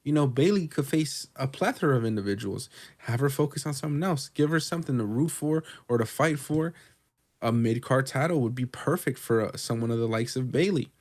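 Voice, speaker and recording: Male co-host, casual recap chat, swears often, rambles with excitement. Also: medium pitch, fairly quick. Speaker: podcast co-host.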